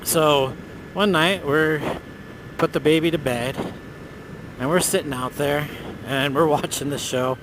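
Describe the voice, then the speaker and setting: Guy on a motorcycle telling ghost stories, kinda high voice, swears a lot, faint road hiss behind. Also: a little slow. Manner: loose, profane, animated storytelling. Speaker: motovlogger. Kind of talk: casual storytelling while riding. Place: outdoors on a motorcycle on city roads.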